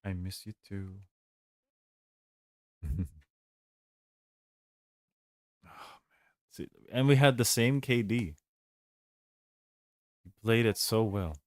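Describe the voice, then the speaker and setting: Male game streamer, deep voice, slow rambling delivery, chuckles a lot. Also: animated, no room sound, clean studio sound. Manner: rambling, laid-back, chuckles often. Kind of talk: casual gaming stream chat.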